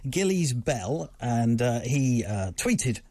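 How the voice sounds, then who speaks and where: A man's voice: medium pitch, very animated, slow pace, warm tone, no room sound. A man appearing as the regular tech contributor on a live radio show, dry and understated, with short replies.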